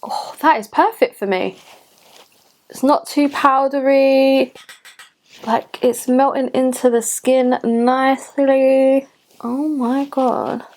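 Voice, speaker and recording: A woman's voice: high-pitched, fairly even intonation, slow, darkish tone. A woman in her late twenties chatting casually through a makeup tutorial, gushing and talking to herself as she goes. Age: late 20s. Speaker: beauty vlogger. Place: home room at a cluttered desk.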